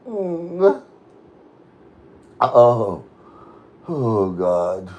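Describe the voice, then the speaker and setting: High-pitched guy on a vlog, angry rant, lots of swearing, calling people out. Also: expressive, normal speed, fairly bright tone. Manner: agitated, swearing, addressing a critic directly. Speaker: vlogger.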